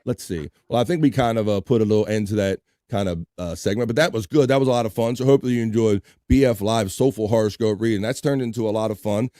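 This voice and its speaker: A man's voice: lowish voice, quick pace, hardly any pauses, warm tone, no room sound, studio quality. A man hosting a casual livestream show, reading chat aloud, laughing and swearing loosely. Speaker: host.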